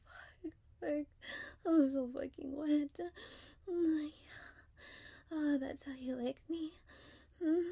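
Breathy high-voiced woman, whispered role-play. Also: dark tone, dry recording. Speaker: audio role-play performer.

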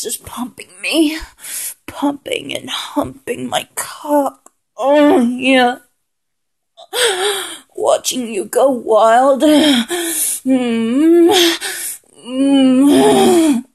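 Breathy, slow-talking woman in intimate role-play. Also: high voice, a little mellow. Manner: dominant, breathy murmuring with frequent moans and half-whispered lines. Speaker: audio role-play performer.

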